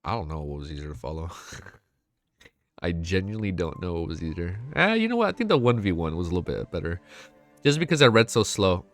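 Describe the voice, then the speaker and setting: Bright-voiced, stuffy-nosed young male streamer. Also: on the low side, fairly quick, soft background music. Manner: excitable, swears a lot, laughs often. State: stuffy nose, close to tears. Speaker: streamer reacting to a web novel. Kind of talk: live-stream reaction, reading aloud and chatting.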